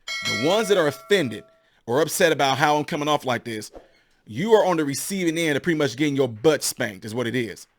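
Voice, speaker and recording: A man's voice: on the high side, lively intonation, a little fast. A middle-aged man giving opinionated political commentary, emphatic and preachy, with lots of rhetorical questions.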